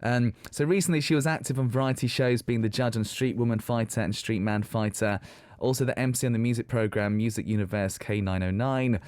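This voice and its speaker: A man's voice: mid-range voice, a little fast, few pauses, a little mellow, dry recording. A man co-hosting a radio music show, reading an enthusiastic album review and chatting. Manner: enthusiastic, reads in long fluent sentences. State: out of breath. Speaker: radio co-host. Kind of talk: reading a prepared album review, then casual chat.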